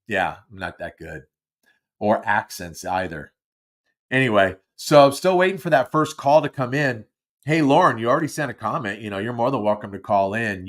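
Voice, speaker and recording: A middle-aged man hosts a live call-in show and talks loosely to his viewers. He wanders between thoughts, fills pauses with ums and uhs, and pokes gentle fun at himself. His voice sits at an ordinary, mid-range pitch for a man. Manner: rambling and self-deprecating, many fillers and restarts. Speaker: podcast host taking call-ins. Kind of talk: casual live-stream chat.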